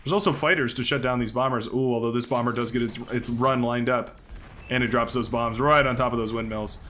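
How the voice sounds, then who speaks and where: A man's voice: mid-range voice, steady tone, brisk, a bit bright, a little hiss or hum. An American man casting a real-time strategy match, chatty and upbeat, with many fillers and restarts. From United States. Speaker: game commentator. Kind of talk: live strategy game commentary.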